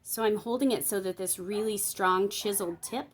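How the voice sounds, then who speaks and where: There's slight background noise as a woman with a mid-range voice, at a moderate pace, demonstrates Bible journaling. Her tutorial is casual and chatty: she explains each step, muses aloud, and keeps checking in with those watching.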